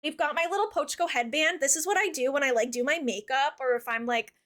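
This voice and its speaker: A woman's voice: high-pitched, fast talker, fairly bright tone. A young woman streaming a cozy game, chatting casually and sweetly with her viewers and her cat. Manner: bubbly, gushing, talks sweetly to her cat and chat. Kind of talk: casual live-stream chat.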